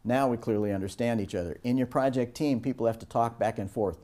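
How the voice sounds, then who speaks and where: A middle-aged man giving a recorded lesson on project teamwork, telling stories and acting out the quoted voices at a higher pitch. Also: quick pace, warm tone. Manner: storytelling, acts out quoted voices with raised pitch. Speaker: instructor.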